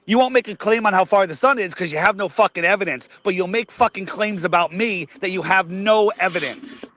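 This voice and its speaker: A man's voice: high-pitched, brisk, fairly bright tone, no echo. A man in a heated argument, angry and swearing, repeating words when cut off. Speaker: guest.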